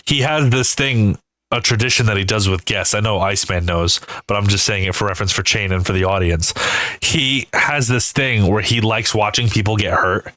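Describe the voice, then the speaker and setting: A man co-hosting a casual comedy podcast, telling stories in an animated way with lots of swearing and acted-out screams. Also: lowish voice, moderate pace, no echo, low-quality recording. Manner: animated storyteller, heavy swearing, acts out screams. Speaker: podcast co-host.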